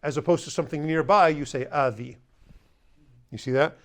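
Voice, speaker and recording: A man teaching a language class, explaining grammar in a conversational way and slowly repeating example words. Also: on the high side. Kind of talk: classroom lesson.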